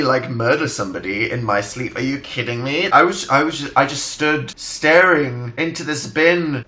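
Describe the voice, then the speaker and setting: A young man in his twenties hosting a casual livestream, telling animated stories and reading out chat comments. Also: fairly high pitch. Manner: animated storytelling, reads chat aloud. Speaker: livestream host. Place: home room.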